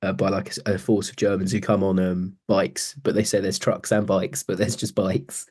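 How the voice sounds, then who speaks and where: A man's voice: low-pitched, little pitch movement, normal speed, darkish tone, breathy edge. A man co-hosting a podcast in casual chat, laughing and recounting film scenes animatedly. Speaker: podcast co-host.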